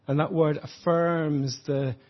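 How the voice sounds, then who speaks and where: A man preaching an earnest, reflective sermon, slowing down to stress his points. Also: on the high side, steady tone, muffled recording. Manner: earnest, reflective, slows for emphasis.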